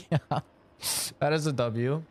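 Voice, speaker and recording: A man's voice: medium pitch, animated, a little slow. A man chatting casually while streaming a game, rambling and opinionated, leaning on "you know" and swearing now and then.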